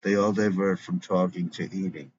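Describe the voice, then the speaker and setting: Male script reader, very deep, plain delivery, dull lo-fi sound. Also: fairly even intonation, moderate pace, a little mellow. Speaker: narrator reading a script. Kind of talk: script read-aloud. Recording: dull lo-fi recording with faint hiss.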